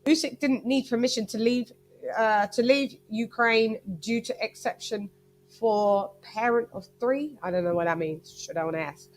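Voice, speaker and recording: A woman's voice: a little high, moderate pace, a little hiss or hum. A woman hosting a boxing channel, chatting casually in a wandering way to her livestream viewers. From Britain.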